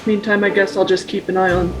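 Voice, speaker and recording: Brief: easygoing male player talking in character, clear music underneath. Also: high voice, little pitch movement, fast, low-quality recording. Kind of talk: in-character tabletop play. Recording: music playing behind.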